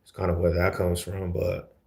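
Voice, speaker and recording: Very low-voiced East Denver man, slangy. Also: completely flat delivery, normal speed, vocal fry, warm tone. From Denver, USA. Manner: laid-back slangy talk, calls people homie and fool. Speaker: livestream host. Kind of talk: casual livestream chat answering viewers.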